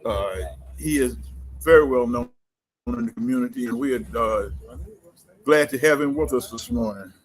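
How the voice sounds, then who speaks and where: A man's voice: mid-range voice, normal speed, long pauses, low-quality recording. A man hosting a community livestream talk show, speaking hesitantly with many fillers and laughing easily. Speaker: host.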